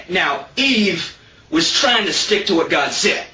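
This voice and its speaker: Man, mock preacher rant, bright tone, rambling repeats, echoey room. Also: sits high, sing-song, takes it slowly, far from the mic. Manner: rambling, repeats himself, many "you know" fillers. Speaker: satirical street-preacher character. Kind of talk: deadpan satirical monologue.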